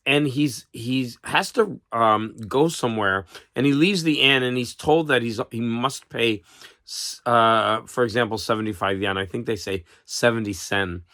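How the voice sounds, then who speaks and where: A man chatting casually about books in a rambling, halting way, with a cough, on a close mic. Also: medium pitch, sharp tone, dry recording. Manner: rambling, halting, with many restarts and fillers. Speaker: vlogger. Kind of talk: casual book chat.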